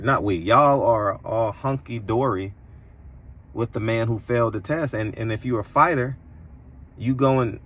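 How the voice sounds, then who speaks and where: A man delivering an opinionated commentary monologue as a boxing commentator, preachy and emphatic, his voice jumping higher when indignant. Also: fairly bright tone.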